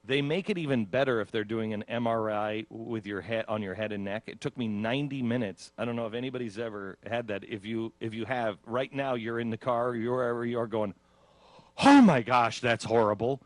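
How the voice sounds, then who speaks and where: A man's voice: medium pitch, steady tone, fairly quick, few pauses, dry recording. A man hosting a radio talk show, casually telling of his own ordeal and acting out his own panicked reactions with laughs. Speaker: radio host.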